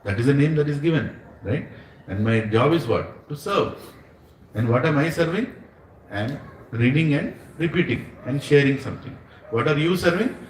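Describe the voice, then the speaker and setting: A man's voice: a little high, expressive, normal speed, recorded from a distance. Indian english guy giving a devotional talk, keeps asking the crowd stuff, echoey room, faint background hum. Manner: storytelling, asks the audience questions, laughs often. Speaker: spiritual teacher. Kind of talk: devotional satsang lecture. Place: room with a small gathering.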